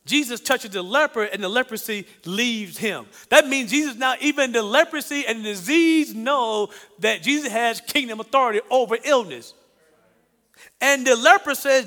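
A man preaches an animated sermon in a high, bright voice. He asks his listeners questions and acts out the voices he quotes. A long hall reverb trails behind every phrase. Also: moderate pace. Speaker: pastor.

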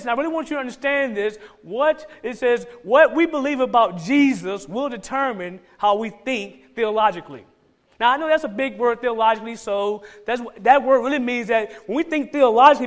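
A man's voice: extremely high pitch, a little fast, fairly bright tone. A man with a Georgia Southern accent preaching a sermon as pastor, emphatic and repeating key phrases for stress.

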